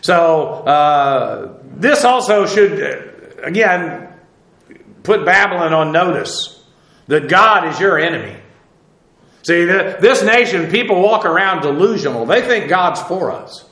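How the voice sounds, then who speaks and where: Guy doing a bible study, lots of uhs, bright kinda higher voice, roomy echo. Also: animated. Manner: halting, many filler "uh"s, spells out Hebrew words; emphatic, preacherly warnings. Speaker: Bible teacher. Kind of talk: verse-by-verse Bible teaching.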